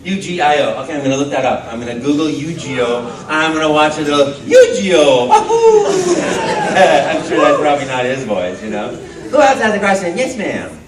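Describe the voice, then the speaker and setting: A man's voice: fairly high pitch, fast talker, a crowd in the background. A male voice actor answering audience questions at a convention panel, telling stories playfully and acting out the dialogue. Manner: animated, playful, acts out quoted dialogue. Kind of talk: storytelling Q&A with an audience. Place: large convention hall. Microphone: phone recording from the audience. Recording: echoey hall, distant phone mic.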